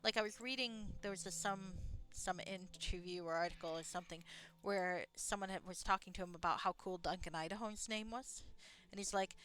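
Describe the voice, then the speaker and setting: Bright-voiced chatty woman streamer. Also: mid-range voice, a little fast. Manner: chatty, digressive, swears casually, laughs often. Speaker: game streamer. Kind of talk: casual rambling commentary while playing.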